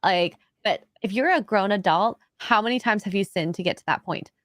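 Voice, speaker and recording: A woman co-hosting a casual chat, speaking in a measured, thoughtful way. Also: mid-range voice, a bit bright, no echo, clean studio sound. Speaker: co-host.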